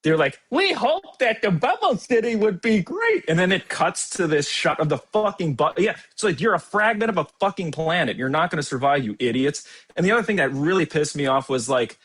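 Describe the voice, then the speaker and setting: A man's voice: fairly high pitch, animated, a little fast, hardly any pauses, fairly bright tone, slightly rough. Sarcastic swearing man co-host. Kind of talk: casual movie review chat.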